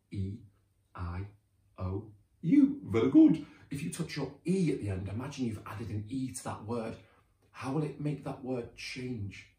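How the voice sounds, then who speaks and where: A British man teaching a children's phonics lesson, sounding out words slowly and cheering the children on. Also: mid-range voice, roomy sound. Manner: animated, drawn-out sounding out of words.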